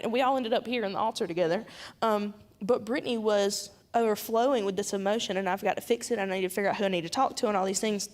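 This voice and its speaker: A young woman, a youth pastor talking in a church round-table discussion and telling stories with lively acted-out quotes. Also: on the high side, fast talker. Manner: animated storyteller, acts out quoted speech.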